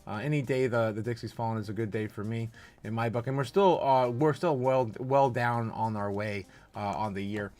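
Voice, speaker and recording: A man in a mid-range voice hosts a loose crypto livestream, chatting straight to his viewers and reading their comments aloud. He laughs easily and swings from rambling, filler-packed asides into loud, hyped-up bursts. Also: medium pitch, normal speed. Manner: excitable, laughs often, loud bursts of hype; frequent filler uhs and restarts. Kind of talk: casual live-stream commentary reading chat.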